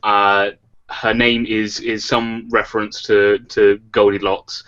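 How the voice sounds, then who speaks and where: Slow, halting man on a muffled mic. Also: fairly low pitch, level tone, fairly bright tone. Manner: slow, halting, full of fillers, dry. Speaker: podcast guest, storyteller. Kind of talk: casual improvised storytelling chat.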